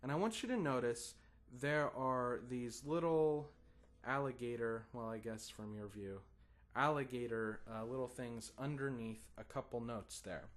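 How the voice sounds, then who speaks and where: A man's voice: mid-range voice, unhurried. A man teaching a guitar lesson, patient and encouraging, counting in and singing strum rhythms as "da da".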